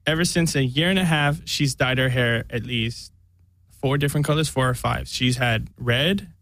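A man's voice: medium pitch, normal speed, a bit bright, no echo. A young man chatting as a podcast guest, telling a long rambling story and acting out what people said. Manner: rambling storyteller, acts out quotes. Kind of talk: casual chat.

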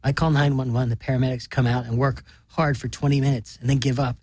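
A man reading a short story aloud in a plain, deadpan way. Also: mid-range voice, fast talker, no echo. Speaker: narrator.

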